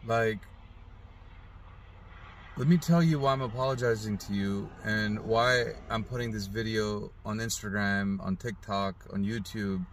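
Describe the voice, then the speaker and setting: A middle-aged father speaking earnestly in a heartfelt personal video message, halting and emotional at times. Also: lowish voice, fairly even intonation, slight background noise. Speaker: father posting an apology video.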